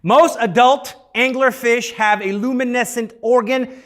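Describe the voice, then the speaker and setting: A man's voice: very high voice, steady tone, a little slow, fairly bright tone. A man leading youth group teaching in a playful, interactive way, having the room repeat key words.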